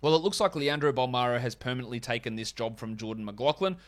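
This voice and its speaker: A man hosting a fantasy basketball podcast, running through stats and ad reads with chatty, wry asides. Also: mid-range voice. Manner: chatty, wry asides, quick stat rundowns. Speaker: podcast host.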